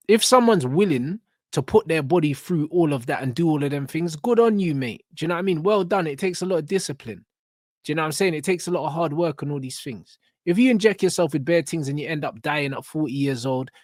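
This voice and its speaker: A young man ranting in reaction commentary, blunt and full of street slang and swearing. His voice sits a little high. The sound is dry and close. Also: a little fast, no echo. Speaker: reaction channel host.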